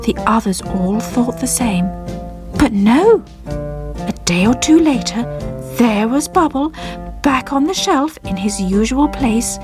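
Gentle, slow woman storyteller. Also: fairly high pitch, animated. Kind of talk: children's story narration. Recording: narration with children's music underneath. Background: children's music.

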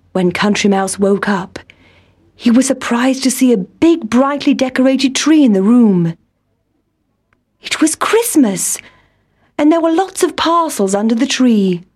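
Slow, gentle woman reading a storybook. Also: fairly high pitch. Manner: gentle, expressive.

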